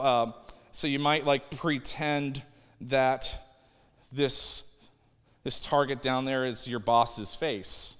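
A man's voice: mid-range voice, pushed and bright, smooth. A man preaching a conversational sermon as a pastor, acting out the people he quotes. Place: church sanctuary. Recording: long hall reverb.

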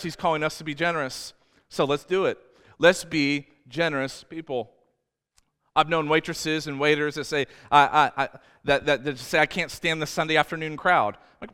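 A male pastor preaching a sermon, emphatic and swinging between loud and hushed, with humorous asides. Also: on the high side, a little fast, clean tone. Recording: church hall reverb.

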